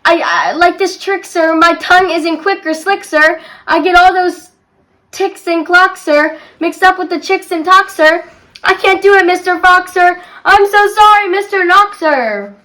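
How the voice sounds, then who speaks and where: A woman's voice: very high-pitched, a little slow, bright, forceful tone, full character voice, poor audio. A woman reading the lines of a flustered man who keeps fumbling tongue twisters in a storybook, sounding apologetic and tongue-tied.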